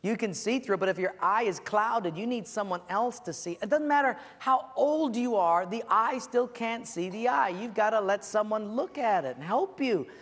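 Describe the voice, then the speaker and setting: A man's voice: high voice, lively intonation, moderate pace, hardly any pauses, a bit bright. A male pastor giving an earnest, conversational sermon in a large church hall.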